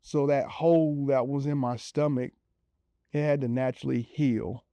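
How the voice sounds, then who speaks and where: A man's voice: medium pitch, fairly even intonation, normal speed, mellow, no room sound. Male storyteller, casual and chatty, acts out quotes; dry, dull recording. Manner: conversational, many fillers, acts out quoted voices. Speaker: interviewee telling his recovery story. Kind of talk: personal storytelling.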